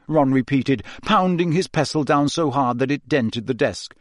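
A man reading a storybook aloud as an audiobook narrator, steady and expressive. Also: mid-range voice, moderate pace, few pauses, no echo, clean studio sound.

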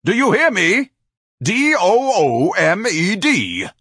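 A man reading an audiobook and voicing a pompous, oversized man who speaks loud, grandiose oratory. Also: on the high side, sing-song, normal speed, slightly rough, no room sound, clean studio sound, voice pushed up, full character voice. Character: pompous huge blustering man, grandiloquent and indignant.

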